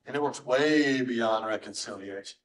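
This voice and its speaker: A middle-aged man, preaching a sermon as pastor in a church, swinging from soft, low tones to high, strained cries. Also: moderate pace, low-quality recording. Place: church sanctuary.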